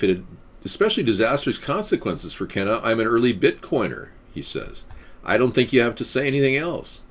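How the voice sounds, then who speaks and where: A young man hosting a live stream, loosely chatting with many fillers and reading an article aloud. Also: medium pitch.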